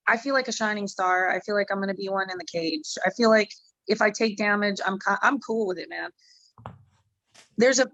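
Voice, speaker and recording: A woman's voice: medium pitch, fairly bright tone, dry recording, muffled recording. Woman fighter talking loosely, dry sound. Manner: rambling, loose and candid, swears freely. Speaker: MMA fighter guest. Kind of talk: casual interview chat.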